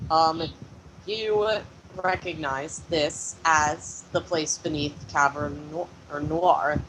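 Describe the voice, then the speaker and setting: A woman narrating as game master of a tabletop role-playing session, relaxed and unhurried. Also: deep voice, noisy background.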